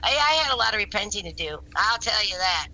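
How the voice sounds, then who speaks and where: On an interview show, a female guest with a bright, forceful, mid-range voice tells of her experiences in earnest, rambling, casual storytelling. She talks fast and very animatedly, often restarting sentences and repeating words, and the recording is rough.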